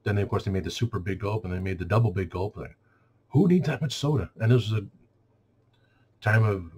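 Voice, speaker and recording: A man's voice: on the low side, fairly quick, long pauses, a little mellow, husky. A man who works in a store, ranting casually and sarcastically about customers and mimicking them in mock voices. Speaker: store clerk venting. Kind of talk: casual rant.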